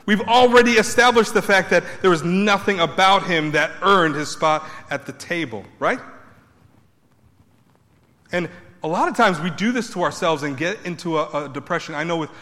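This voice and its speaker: A man preaching a sermon, building emphatic repeated points and then dropping his voice low. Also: moderate pace, sharp tone, big-room sound. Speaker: pastor.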